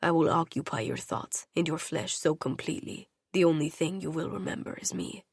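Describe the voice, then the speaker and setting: A woman narrator voicing a brooding, dangerous male mafia husband in an audiobook, speaking low and rough. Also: steady tone, brisk, dry recording, clean studio sound. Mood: possessive. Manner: low, gravelly and tender.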